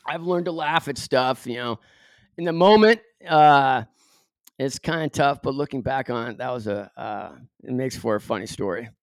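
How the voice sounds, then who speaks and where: A man's voice: mid-range voice, normal speed, no room sound, studio quality. A middle-aged man from Southern California, a podcast guest telling a story with many fillers and acted-out quotes. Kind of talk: storytelling in an interview.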